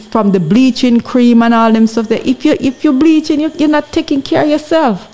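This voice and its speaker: A woman with a Jamaican accent talks as a podcast guest, urging her listeners on. Her voice sits a little on the high side, and she keeps stopping to ask whether they understand. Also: dark tone. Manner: earnest, exhorting, often asks "you understand". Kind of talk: impassioned podcast commentary.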